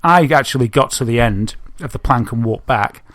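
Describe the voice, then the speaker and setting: A man, co-hosting a podcast and telling an animated story, laughing often. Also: medium pitch, moderate pace, no echo, studio quality. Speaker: podcast co-host. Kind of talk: casual chat, telling an anecdote.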